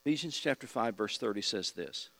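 A man's voice: lowish voice, lively intonation, brisk, fairly bright tone, no echo. A middle-aged man teaching an evening Bible study class, asking the group questions and repeating key points.

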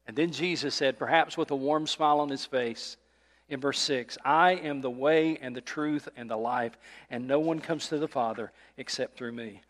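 A man's voice: on the high side, normal speed, fairly bright tone, long reverb tail. A man, a pastor, giving a sermon in a conversational way, often asking his listeners questions. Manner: conversational preaching with rhetorical questions. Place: church sanctuary.

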